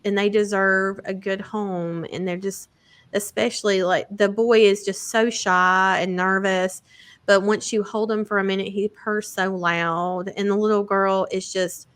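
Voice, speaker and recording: A woman's voice: mid-range voice, fairly bright tone. A woman co-hosting a casual chat, talking chattily and laughing often. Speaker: podcast co-host.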